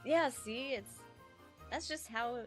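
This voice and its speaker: A woman's voice: high voice, slow, fairly bright tone, faint music behind. A woman co-hosting a livestream, chatting casually and explaining a party game in a plain, agreeable way. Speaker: co-host. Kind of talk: casual chat.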